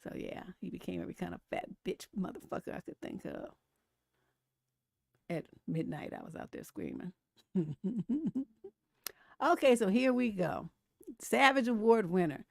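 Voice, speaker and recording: A woman's voice: medium pitch, big pitch swings, measured pace, creaky, long pauses, no room sound, studio quality. Blunt, profane woman livestream host. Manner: blunt, profane storytelling with frequent laughs. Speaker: relationship coach and live stream host. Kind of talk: casual livestream commentary.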